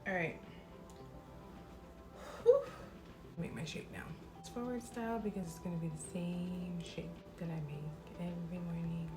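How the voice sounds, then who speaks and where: A woman's voice: lowish voice, unhurried, long pauses. A woman in her thirties, a mother of four, chatting casually and upbeat straight to camera while tired. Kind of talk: casual vlog chat. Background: music.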